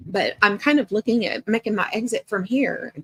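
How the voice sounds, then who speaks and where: A woman's voice: medium pitch, expressive, a little slow, breathy edge, dry recording. A middle-aged woman hosting a casual livestream chat, greeting viewers by name and laughing often as she talks. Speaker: livestream host.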